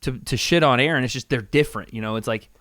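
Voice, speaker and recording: A man's voice: mid-range voice, fast, fairly bright tone, dry recording, clean studio sound. A man co-hosting a casual podcast chat, talking loosely and swearing freely, with a few mocking impressions mixed in. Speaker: podcast co-host.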